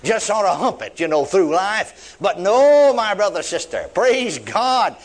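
A man's voice: high voice, sing-song, unhurried. An older man preaching a sermon, repeating key words with emphatic stress, drawing words out and dropping in praise interjections, in a folksy way of talking.

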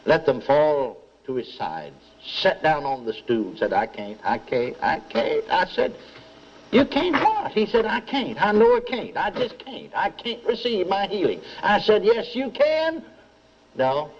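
A man's voice: sits high, a little slow, dull audio. An older man preaching a sermon, telling a story with acted-out dialogue and calling on the congregation for amens. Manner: animated storytelling, repeats dialogue, asks audience for amens.

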